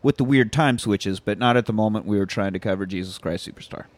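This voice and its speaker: A man's voice: on the low side, fast, no echo. A man co-hosting a casual movie rewatch podcast, joking and swearing as he walks through the film. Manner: profane, joking, tangent-prone storytelling. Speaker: podcast co-host.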